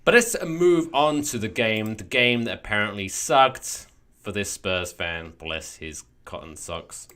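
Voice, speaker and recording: A man co-hosting a casual football podcast, animated and jokey. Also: fairly low pitch, a little slow, a little hiss or hum. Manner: animated, jokey, puts on voices for quotes. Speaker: podcast co-host.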